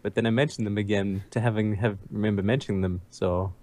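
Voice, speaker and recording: A man's voice: on the low side, steady tone, quick pace, darkish tone. Wisecracking male podcast guest. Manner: wisecracking, teasing. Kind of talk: casual podcast chat.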